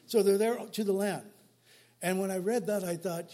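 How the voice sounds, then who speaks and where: A man's voice: sits high, steady tone, normal speed, mellow. A man in his sixties preaching a sermon in a church, speaking conversationally and putting rhetorical questions to the congregation. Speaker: pastor. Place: church sanctuary.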